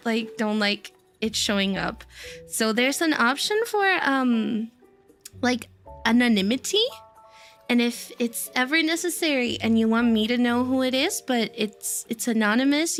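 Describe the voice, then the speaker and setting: A woman's voice: high voice, fairly bright tone. A woman streamer chatting casually with her viewers, giggly and gushing and laughing often. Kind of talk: casual live-stream chat.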